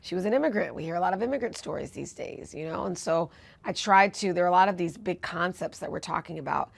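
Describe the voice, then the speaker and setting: Woman, 40s, TV news host, interview storytelling, earnest, reflective, low gravelly voice. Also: fast talker. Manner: earnest, reflective, animated when retelling moments.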